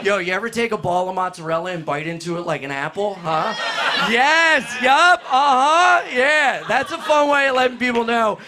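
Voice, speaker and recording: A young man doing a stand-up warm-up set on a club stage, brash and teasing the crowd, with loud punchlines. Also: high-pitched, animated, brisk, hardly any pauses. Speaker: stand-up comedian warming up the crowd. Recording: noisy live club recording. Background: audience laughter.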